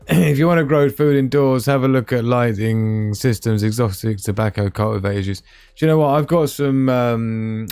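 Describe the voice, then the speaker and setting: A man's voice: mid-range voice, darkish tone, no echo. A man hosting a live stream, chatting to viewers in a rambling, casual way. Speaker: livestream host.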